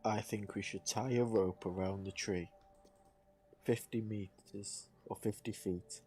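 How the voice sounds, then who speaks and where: A man's voice: lowish voice, fairly even intonation, measured pace, a little mellow, breathy edge. A man playing a tabletop game, dry and level-headed. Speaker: player.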